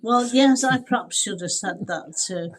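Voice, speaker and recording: A woman co-hosting a podcast, telling lively anecdotes, acting out the dialogue and laughing often. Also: mid-range voice, moderate pace. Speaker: podcast co-host. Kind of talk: casual chat.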